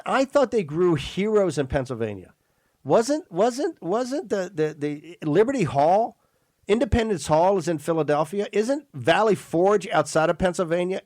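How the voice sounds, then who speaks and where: A man's voice: a little high, darkish tone, no echo, studio quality. Emphatic rambling male radio host. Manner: rambling, emphatic, repeats words. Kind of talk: political talk radio.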